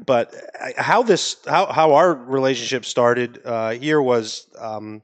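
A man's voice: medium pitch, slow pace. A man from Maine with a New England accent, a guest on a podcast in a studio, easygoing and rambling with many restarts. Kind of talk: casual podcast chat.

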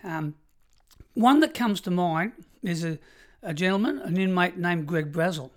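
A man's voice: high voice, a little slow. An Australian man in his sixties, a retired prison officer, telling vivid stories as an interview guest and stacking up short, punchy phrases. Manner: vivid, emphatic storyteller who piles up short phrases. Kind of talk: storytelling in an interview.

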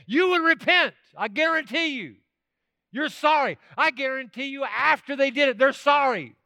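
Preaching with emphasis, this pastor keeps putting rhetorical questions to his congregation, checking they're still following. He has a high, sharp voice, captured in clean studio sound without echo.

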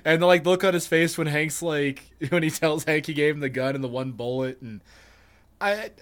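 A man's voice: on the high side, normal speed, a bit bright. A man co-hosting a casual podcast chat, ranting and swearing emphatically. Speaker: podcast co-host.

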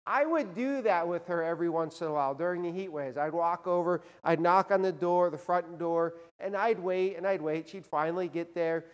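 A man's voice: a little high, moderate pace, hardly any pauses, clean tone. A man preaching a sermon in a church, telling a folksy story and often checking in with "right?". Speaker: pastor. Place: church sanctuary. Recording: long hall reverb.

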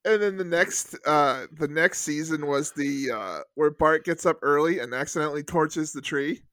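A man's voice: a little high, normal speed, fairly bright tone, no room sound, clean studio sound. A man in casual chat, rambling with many fillers. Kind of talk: casual chat about TV shows.

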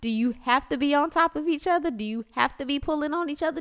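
A woman in her thirties talking casually to her viewers about parenting, animated and chatty, often slipping into voices of her family. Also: high-pitched, brisk, few pauses. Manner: chatty and animated, mimics family members, lots of "like". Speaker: parenting vlogger. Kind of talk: casual confessional chat.

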